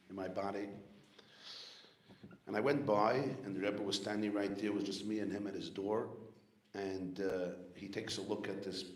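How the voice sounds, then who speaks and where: New York rabbi telling stories in an echoey room. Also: male voice, sits low. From Brooklyn, New York. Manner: animated storyteller, sprinkles Hebrew and Yiddish terms. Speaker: rabbi giving a farbrengen talk. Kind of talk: storytelling sermon. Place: large room at a gathering. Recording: echoey room, faint background noise.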